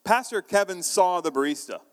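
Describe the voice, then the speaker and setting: A man's voice: high-pitched, lively intonation, moderate pace. A man preaching a sermon as pastor, telling a story in a conversational way with frequent restarts. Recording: long reverb of a large hall.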